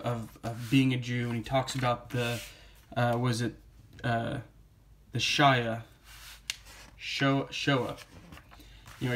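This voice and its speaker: A man's voice: medium pitch, slight background noise. A young man reviewing a comic book in a casual, rambling way, with many fillers and quotes read aloud.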